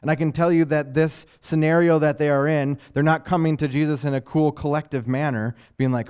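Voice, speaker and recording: A man's voice: mid-range voice, steady tone, brisk, darkish tone, clean tone. Earnest male preacher asking rhetorical questions. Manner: conversational, with asides and fillers. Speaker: pastor. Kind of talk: sermon.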